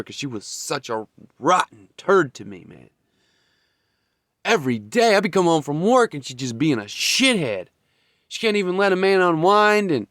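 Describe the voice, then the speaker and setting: A man's voice: a little high, fairly bright tone, dry recording, studio quality. A man giving a blunt, profane, heated monologue as a vlogger. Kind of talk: ranting monologue.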